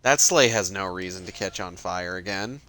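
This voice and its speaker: A man streaming a video game, chatting in a loose, rambling way and swearing often. His voice sits on the lower side and stays smooth and resonant. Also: moderate pace, bright, forceful tone. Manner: rambling, swears freely, lots of fillers. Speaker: gaming streamer. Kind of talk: casual let's-play commentary.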